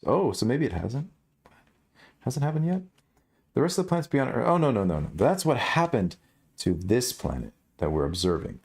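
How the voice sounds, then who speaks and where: A man's voice: mid-range voice, big pitch swings, moderate pace, a little mellow, slightly rough. A man streaming live, reading news stories aloud and riffing on them in a rambling, jokey, self-correcting way. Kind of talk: casual livestream news commentary.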